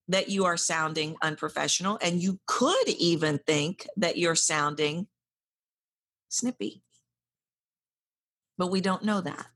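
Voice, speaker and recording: A woman voice coach speaking directly to the listener, animated, acting out her clients' anxious inner voices. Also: on the low side. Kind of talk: direct-address coaching talk.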